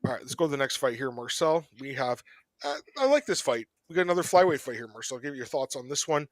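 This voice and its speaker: A man's voice: mid-range voice, sing-song, fast talker, no room sound. A man hosting a podcast, chatting casually about fight picks with lots of laughter and rambling banter. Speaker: podcast host. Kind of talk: casual sports betting chat.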